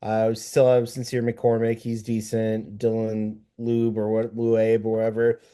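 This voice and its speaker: Mellow, hesitant podcast man. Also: on the low side, monotone, unhurried, clean tone. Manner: hesitant, many fillers, self-correcting. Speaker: podcast co-host. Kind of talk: casual sports chat.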